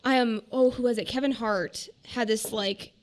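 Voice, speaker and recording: A young woman chatting on a podcast with her father, talking in an animated way full of fillers. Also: a little high, normal speed. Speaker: podcast co-host, host's daughter. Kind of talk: casual chat.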